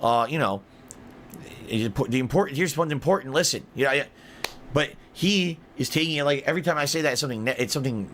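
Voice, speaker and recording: A man talking fast in a clip, rambling and emphatic as he defends himself. A faint hum sits behind his voice. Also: mid-range voice, animated, a bit bright. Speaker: online streamer in played clip. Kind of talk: defensive explanation.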